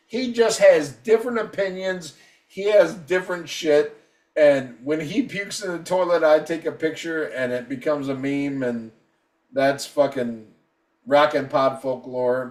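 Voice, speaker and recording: A high-voiced man about to turn fifty-one tears into a heated, foul-mouthed rant on a casual podcast. He sounds a little distant from the mic, and the room rings with a clear echo around him. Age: 50s. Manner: profane, combative, heated ranting. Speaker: podcast co-host.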